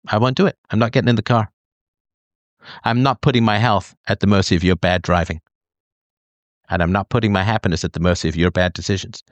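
A man's voice: medium pitch, no room sound. A middle-aged man hosting a podcast, speaking bluntly and emphatically, sometimes mimicking whiny people. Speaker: podcast host. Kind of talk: monologue to listeners.

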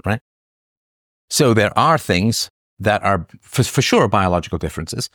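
A man hosting a solo show, arguing his point in animated, sarcastic commentary with laughing asides. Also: lowish voice, no echo, clean studio sound. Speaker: host.

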